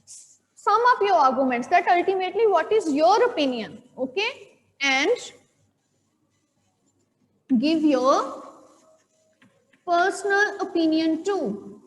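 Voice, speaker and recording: High-voiced Indian woman teaching in a hall. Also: expressive, slow, long pauses. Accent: Indian English. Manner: explains step by step, repeats key points, checks with "okay?". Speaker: school English teacher. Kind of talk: classroom lecture. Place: classroom.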